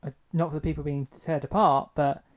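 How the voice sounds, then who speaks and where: A man co-hosting a casual podcast chat with a dry, teasing, measured manner. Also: fairly high pitch, fairly even intonation, highs cut off. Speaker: podcast co-host.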